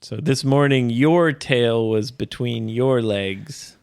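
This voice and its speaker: A man co-hosting an English-learning podcast, talking casually, slowly and clearly, explaining phrases as he goes. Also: medium pitch, darkish tone, no room sound, clean studio sound. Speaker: podcast co-host and English teacher.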